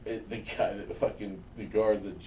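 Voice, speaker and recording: A man's voice: fairly low pitch, little pitch movement, normal speed, mellow. A man co-hosting a podcast, adding laid-back, profane comments in casual chat. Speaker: podcast co-host. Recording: roomy room, far from mic, faint noise.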